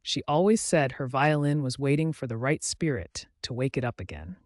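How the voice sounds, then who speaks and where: A man voicing an older, weathered restaurant owner who speaks gently and with emotion. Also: mid-range voice, expressive, normal speed, dry recording, studio quality, close to an everyday voice. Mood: tender.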